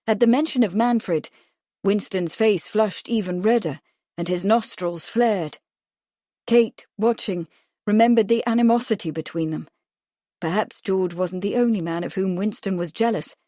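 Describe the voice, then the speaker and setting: This audiobook narrator, a woman with a medium-pitched voice, reads scripted passages from a novel at a steady, measured pace. The sound is clean and dry, as from a studio.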